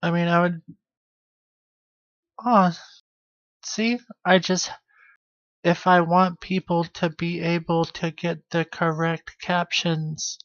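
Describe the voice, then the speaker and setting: A man's voice: high voice, flat delivery, takes it slowly, long pauses, fairly bright tone, no echo, dull audio. A man hosting his own live stream in a casual, rambling way, trailing off into half-finished sentences. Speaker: livestreamer.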